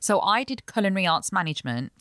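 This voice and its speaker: A woman's voice: mid-range voice, very animated, quick pace, fairly bright tone, no room sound, clean studio sound. A young adult woman, a chef and business owner, chatting earnestly in an interview and explaining at length. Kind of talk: casual interview chat.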